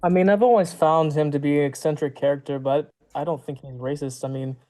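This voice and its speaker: A man's voice: a little high, mellow, poor audio. A man giving blunt, opinionated takes as a guest on a casual football panel.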